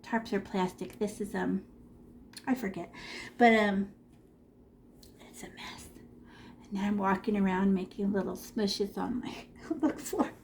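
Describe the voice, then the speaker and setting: A woman teaching an online art class to children from her room at home, talking in an animated, encouraging way over a video call. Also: mid-range voice, a little slow, long pauses, a little hiss or hum. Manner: animated, encouraging, talks to kids.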